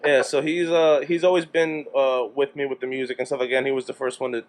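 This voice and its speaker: A man from New Jersey, a podcast guest, chatting casually and telling stories with quick back-and-forth quotes. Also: mid-range voice, little pitch movement, noisy background. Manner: rapid storytelling, acting out quoted exchanges. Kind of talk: casual chat.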